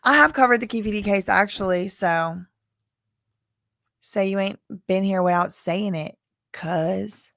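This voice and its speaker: A woman's voice: mid-range voice, unhurried, fairly bright tone, no echo, studio quality. A woman from Louisiana hosting a live stream about court cases, chatting and rambling as she talks straight to her viewers. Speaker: livestream host covering court cases. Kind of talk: casual live-stream commentary.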